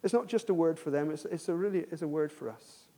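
Guy preaching a sermon, pretty high voice, goes quiet then booms, lots of restarts. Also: quick pace. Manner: swings between hushed low questions and loud emphatic bursts; storytelling with frequent restarts.

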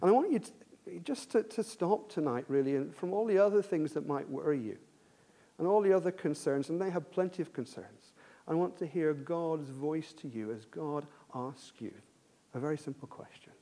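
A man preaching a sermon, swinging between hushed questions and loud emphatic bursts, telling stories with frequent restarts. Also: on the high side, animated, normal speed.

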